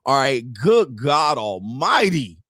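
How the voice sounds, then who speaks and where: Mocking animated male streamer. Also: mid-range voice, slow pace, no room sound, clean studio sound. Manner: mocking, animated, laughs often. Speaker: streamer reacting to clips. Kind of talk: casual reaction commentary.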